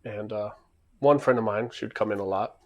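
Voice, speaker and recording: A man's voice: lowish voice, a little fast, darkish tone. A man casually telling a rambling story, acting out the back-and-forth.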